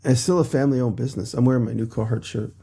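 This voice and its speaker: A man's voice: medium pitch, gravelly, warm tone, husky. A man who is a little run down, chatting casually as a podcast co-host and recounting a busy week one event after another. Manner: quick travel recap, listing one event after another. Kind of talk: casual chat.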